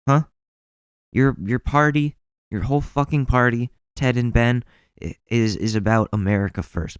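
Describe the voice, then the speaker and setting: A young podcast host rants in an exasperated, rambling way and swears freely. His voice is smooth and resonant. It sounds close and dry, with no room around it. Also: mid-range voice, normal speed, dry recording. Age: young adult. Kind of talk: casual opinionated chat.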